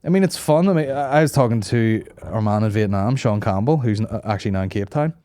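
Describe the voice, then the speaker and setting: A man in his thirties hosts a comedy podcast, speaking fast in a fairly low, mellow voice with lively intonation and a Northern Irish accent; he's from Northern Ireland. The talk is loose, rambling and profane, with laughter between riffs.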